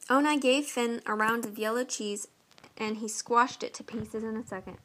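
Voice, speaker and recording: A woman's voice: on the high side, fairly even intonation, moderate pace, a bit bright. Woman narrating a folk tale. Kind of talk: storybook reading.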